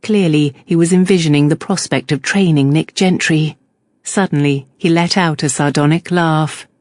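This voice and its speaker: An audiobook narrator reading a historical romance with steady, even storytelling. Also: medium pitch, normal speed, dry recording, clean studio sound. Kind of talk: scripted narration.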